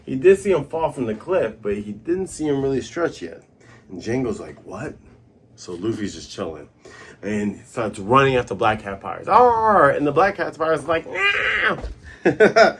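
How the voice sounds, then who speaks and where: A young man hosting a comic review show, casually recapping a chapter and excitedly acting out the characters' lines. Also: mid-range voice, slight background noise. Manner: excitable, acts out characters' lines in quick voices. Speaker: manga review host.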